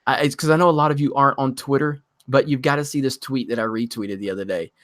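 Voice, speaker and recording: Excitable ranting male stream host. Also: medium pitch, quick pace, dry recording. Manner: ranting, excitable, swears freely. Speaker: livestream host reading chat. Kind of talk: casual livestream chat.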